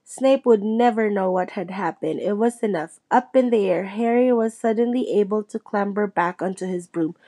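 A woman's voice: mid-range voice, moderate pace, few pauses, dark tone. Woman reading a storybook aloud. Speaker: audiobook reader. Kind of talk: storybook narration.

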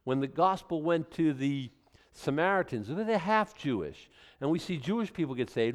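A man preaching a conversational sermon to a congregation, with animated asides and frequent restarts. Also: on the high side, normal speed. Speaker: pastor. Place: church room with a congregation.

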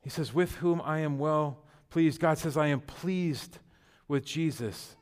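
Guy preaching a sermon, kinda high voice, chatty with lots of "like" and "you know", gets loud then goes real quiet. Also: unhurried. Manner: storytelling with sudden loud bursts and quiet, intimate drops; conversational with fillers like "like" and "you know". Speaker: pastor.

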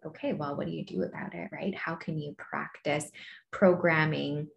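A woman guest explaining her coaching practice in a casual interview, thoughtful and soft-spoken, posing rhetorical questions. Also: sits low, creaky.

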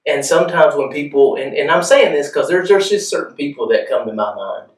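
A pastor with a slightly high, lively voice preaches briskly in a church hall, keeping the sermon conversational and often checking whether the room follows him. He's picked up from a distance, off-mic, in an echoey space.

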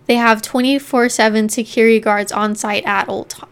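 Smooth-voiced woman telling a story casually. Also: a little high, steady tone, moderate pace. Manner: chatty, leans on "like" while narrating. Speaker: podcast co-host telling the story. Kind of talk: casual true-crime storytelling.

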